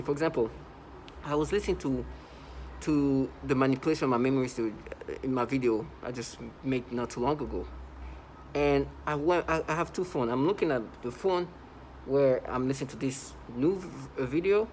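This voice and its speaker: A man's voice: medium pitch, moderate pace, a little mellow, slight background noise, low-quality recording. Emphatic man talking in repetitive bursts. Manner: repetitive, emphatic, many restarts. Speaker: vlogger. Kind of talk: casual monologue to camera.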